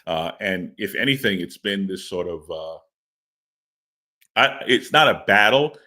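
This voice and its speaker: A man's voice: low-pitched, animated, measured pace, sharp tone. A man talking as a guest in a casual interview, rambling and stammering with repeated words and laughs. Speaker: comic book writer interviewed as guest.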